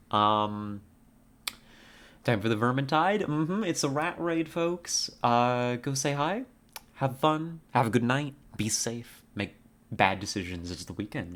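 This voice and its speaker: A man's voice: on the low side, a bit bright. A man streamer chatting casually with his viewers as he ends his stream, rambling and playful and laughing often. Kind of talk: casual stream sign-off chat.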